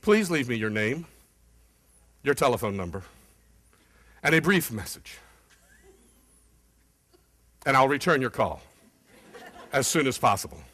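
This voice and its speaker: A man voicing a slow, monotone man on the phone, drawing every word out. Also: medium pitch, no echo, pitched below the performer's own voice, exaggerated voice. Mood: flat. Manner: very slow, drawn-out and flat.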